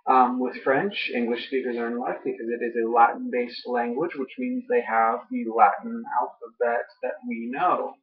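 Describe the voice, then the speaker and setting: A man's voice: mid-range voice, moderate pace, hardly any pauses. Groggy rambling young man, muffled audio. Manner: rambling, many ums and uhs. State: groggy from dental work and pain meds. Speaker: vlogger. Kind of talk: rambling casual vlog.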